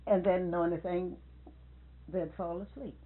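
A woman's voice: fairly low pitch, steady tone, moderate pace, slight background noise. An older woman being interviewed, animatedly retelling family stories with quoted dialogue. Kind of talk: storytelling in conversation. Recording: tinny phone-like sound.

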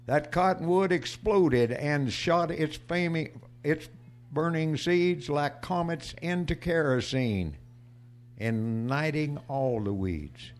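A man performing on stage who introduces his own poem and then recites it in a measured way. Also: on the high side. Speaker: cowboy poet performing. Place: stage before a small audience.

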